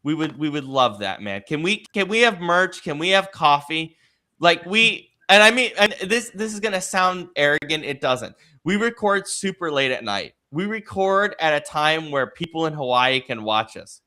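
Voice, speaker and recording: A man's voice: fairly high pitch, animated, normal speed, bright, forceful tone. A man co-hosting a casual sports and news talk show, reading headlines and laughing along. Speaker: podcast co-host. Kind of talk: casual chat.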